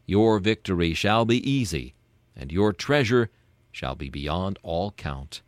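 Man reading a devotion, very low voice, solemn and measured, dry close sound. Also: expressive, dry recording. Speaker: devotional reader.

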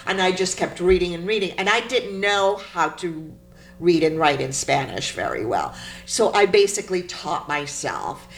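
A woman poet being interviewed, telling stories in an animated, emphatic way. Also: on the low side, normal speed. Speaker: poet guest. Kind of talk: interview conversation.

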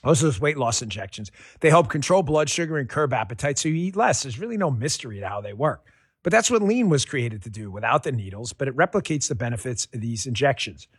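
A man reading a radio ad in a folksy, emphatic pitchman manner. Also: animated, quick pace, slightly rough, dry recording, studio quality. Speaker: ad spokesman. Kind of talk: radio ad read.

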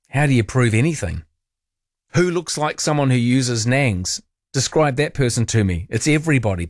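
A man's voice: mid-range voice, dry recording, studio quality. A man hosting talkback radio, chatty and opinionated, musing aloud with playful asides.

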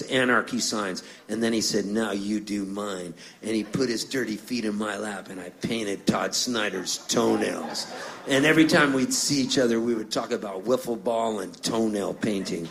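A man's voice: fairly low pitch, moderate pace, vocal fry, a bit bright, low-quality recording. A middle-aged singer-songwriter telling playful, rambling stories between songs on a live stage, laughing as he goes. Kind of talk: onstage storytelling.

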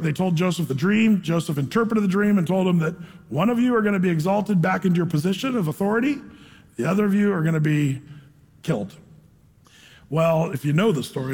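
Male pastor, dramatic casual storyteller, husky, long hall echo. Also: on the high side, darkish tone. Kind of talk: sermon, retelling a scripture story. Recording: echoey hall.

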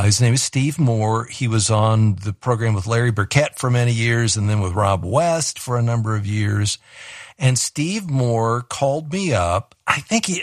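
A man's voice: mid-range voice, dry recording, clean studio sound. A man hosting a call-in radio show, talking in a chatty, easygoing way with chuckling asides. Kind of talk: casual call-in radio talk.

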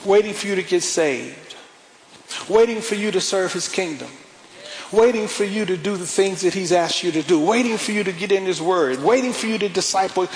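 A man preaching a sermon as pastor, calling out to the congregation and rising to shouts. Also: high-pitched, normal speed, a little hiss or hum.

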